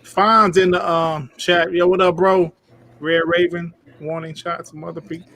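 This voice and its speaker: A man's voice: a little high, flat delivery, normal speed, bright, forceful tone. A man hosting a live gaming podcast in a loose, slangy way, greeting the chat and asking his co-hosts questions. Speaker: podcast host reading chat. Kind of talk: casual live-stream chat.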